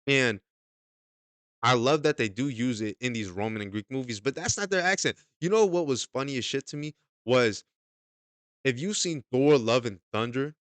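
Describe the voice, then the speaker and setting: A man's voice: mid-range voice, animated, moderate pace, a bit bright, no echo. A man giving a casual, emphatic movie review, often repeating himself and checking in with "okay?". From United States.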